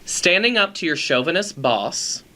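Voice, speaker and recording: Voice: medium pitch, big pitch swings, bright, forceful tone. A podcast host from the American South, chatting casually and playfully with a guest. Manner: playful, jokey, quick laughs. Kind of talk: casual chat.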